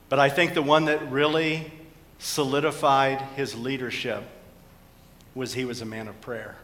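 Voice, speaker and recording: Male pastor, slightly high, bright and forceful voice; earnest sermon delivery in a church hall with long reverb. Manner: earnest preaching with storytelling and rising emphasis. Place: church sanctuary.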